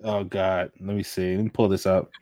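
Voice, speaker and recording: A man's voice: low voice, flat delivery, moderate pace, mellow, no echo, clean studio sound. A man co-hosting a casual podcast chat, laid-back and playful. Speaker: podcast co-host.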